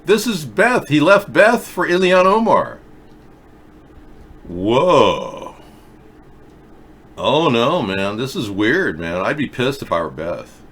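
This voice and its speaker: A man's voice: medium pitch, very animated, unhurried, fairly bright tone, slightly rough. A middle-aged man hosting a live video chat show, reading viewer comments and rambling through sarcastic jokes and asides.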